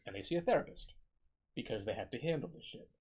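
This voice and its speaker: A man's voice: medium pitch, fast, slightly rough, muffled recording. Rambling, swearing man in casual podcast chat. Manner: rambling, profane, animated storytelling. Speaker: podcast co-host.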